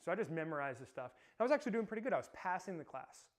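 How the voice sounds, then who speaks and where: Young male youth pastor, upbeat and chatty, preaching through a personal story, voice sits a bit high. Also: rapid-fire. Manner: casual, energetic storytelling with lots of "like". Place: youth service room, streamed live.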